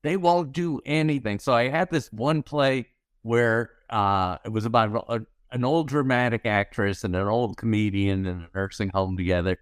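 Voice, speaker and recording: A man in his sixties with a smooth, lowish voice speaks at a moderate pace in a podcast interview. A comedy writer, he tells wry anecdotes and acts out the lines of people in his stories. The recording is studio quality, with no room sound.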